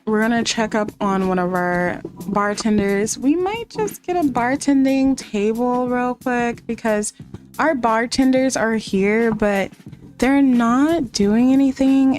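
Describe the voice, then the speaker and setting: Excitable woman chatting over gameplay. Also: a little high. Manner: excitable, chatty, narrates her actions. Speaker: gaming content creator. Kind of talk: casual gameplay commentary.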